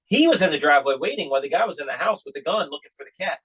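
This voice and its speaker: A man's voice: on the high side, rapid-fire, breathy edge, low-quality recording. A middle-aged man hosting a podcast, telling stories in casual chat and acting out the people he quotes. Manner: animated storyteller acting out quoted voices. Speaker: podcast host, magician.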